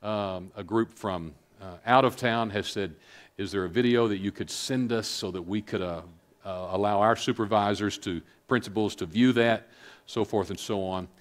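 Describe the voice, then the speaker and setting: A middle-aged man giving a filmed public talk, speaking earnestly and haltingly with many fillers, calm and reflective. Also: fairly low pitch. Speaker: speaker on suicide prevention.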